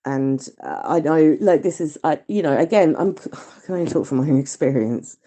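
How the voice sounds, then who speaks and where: A woman's voice: low-pitched, normal speed, mellow. A woman leaving a rambling, sweary, emotional voice message from her garden, outdoors. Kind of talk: heartfelt voice-note monologue.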